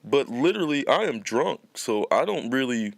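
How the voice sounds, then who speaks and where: A young man tells a long story on a podcast, rambling and cursing, restarting his sentences again and again. His voice sits at an ordinary pitch for a man. The sound is dry and close, with no room in it. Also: sing-song, normal speed, vocal fry, no room sound. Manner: rambling, profane, restarts often. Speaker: podcast host. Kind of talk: casual storytelling.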